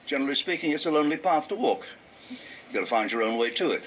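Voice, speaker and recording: An older English comedian with a rather high, lively voice spins wry showbiz anecdotes, stepping into gruff mock voices for the punchlines. Faint ambience sits behind him. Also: male voice, fast, a little hiss or hum, rough recording. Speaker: comedian and game show host. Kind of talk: anecdotal stand-up and reminiscence.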